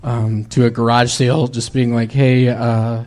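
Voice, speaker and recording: Halting, awkward male comic. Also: medium pitch, little pitch movement, a little mellow. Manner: halting, awkward delivery full of "uh". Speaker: stand-up comedian. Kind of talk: deadpan stand-up set and chat.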